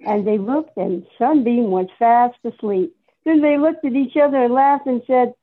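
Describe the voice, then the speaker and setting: Woman, reading her own story, cheerful storyteller, fairly high voice, tinny phone-like sound. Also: normal speed. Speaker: workshop participant.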